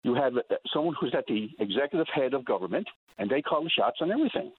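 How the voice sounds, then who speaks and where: Husky man, fired up, on a phone line. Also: mid-range voice, sing-song, quick pace, no room sound. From Newfoundland. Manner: impassioned, rising indignation. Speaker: caller. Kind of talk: call-in radio opinion.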